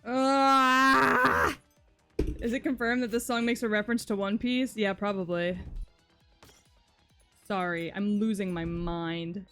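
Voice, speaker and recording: A woman's voice: medium pitch, fairly even intonation, moderate pace, soft background music. A young woman streaming live, chatting casually while she plays. She sounds exasperated, swearing and blurting out frustrated outbursts.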